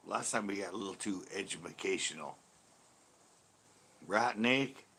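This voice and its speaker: A man's voice: on the low side, bright, forceful tone, slightly rough. A man hosting a fishing channel, chatting casually on a live stream, rambling and joking and slipping into put-on accents.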